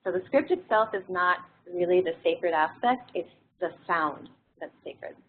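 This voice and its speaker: A woman teaching a classroom lesson in a relaxed, explanatory way, pausing on frequent fillers. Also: fairly low pitch, slight background noise. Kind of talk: classroom lecture. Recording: tinny phone-like audio.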